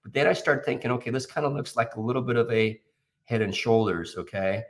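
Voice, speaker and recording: With a medium-pitched voice and a fairly quick delivery, a man breaks down trading charts in laid-back yet emphatic terms. He's an options trader analyzing the market, sprinkling in "okay?" and "guys" throughout.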